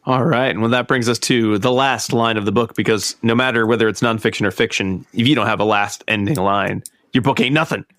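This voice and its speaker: A man hosting a podcast, wrapping up a book club episode in a relaxed, chatty way and laughing easily. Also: lowish voice, a little fast, no echo, studio quality. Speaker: podcast host. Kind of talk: casual podcast chat.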